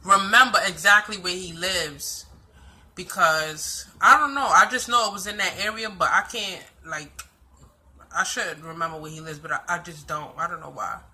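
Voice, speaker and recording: A woman's voice: on the low side, normal speed, sharp tone. A young woman from the Bronx with a New York accent, telling a personal story to camera in a blunt, profane, slang-heavy way. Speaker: vlogger.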